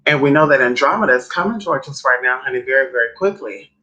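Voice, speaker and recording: A man's voice: mid-range voice, animated, fast, pushed and bright, poor audio. A man chatting casually on a spiritual vlog, sassy and profane, full of theatrical asides. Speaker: spiritual vlogger. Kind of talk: casual live-stream chat.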